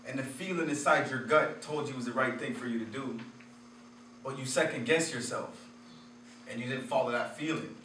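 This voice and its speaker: A man's voice: mid-range voice, moderate pace, pushed and bright. Man telling stories in an echoey room. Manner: candid storytelling, chuckles at his own stories. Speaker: motivational speaker. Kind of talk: motivational talk with personal stories. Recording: roomy echo, distant from the mic, faint noise.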